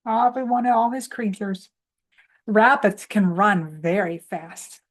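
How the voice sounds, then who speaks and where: A woman's voice: medium pitch, slow. A woman hosting a children's morning lesson, coaxing little ones through clap-along chants and answering her own questions for them. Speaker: preschool teacher host.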